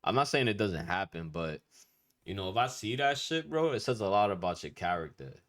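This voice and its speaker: A man's voice: fairly low pitch, very animated, fairly quick, a bit bright. A man of Dominican family teaching Spanish etiquette in a casual, slangy lesson, talking bluntly and sometimes swearing.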